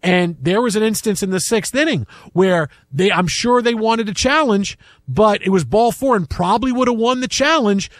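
Man, middle-aged, sports radio host, casual animated storyteller, high voice, dry sound. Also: moderate pace, no echo.

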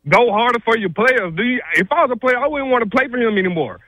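A man's voice: extremely high pitch, animated, fast talker, pushed and bright, no echo, low-quality recording. A male caller, out of breath, ranting heatedly and emphatically on a call-in show. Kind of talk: call-in rant.

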